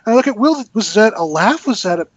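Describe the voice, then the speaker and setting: A man, a guest author, telling an animated anecdote in casual podcast chat, acting out the people in his story. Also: sits high, a little fast, background noise. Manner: animated storyteller, acts out quotes. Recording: muffled lo-fi podcast audio.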